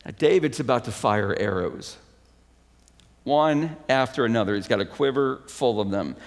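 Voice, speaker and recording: A man preaching a sermon as pastor, emphatic, swinging between loud proclaiming and hushed, intimate stretches. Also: mid-range voice, normal speed, long reverb tail.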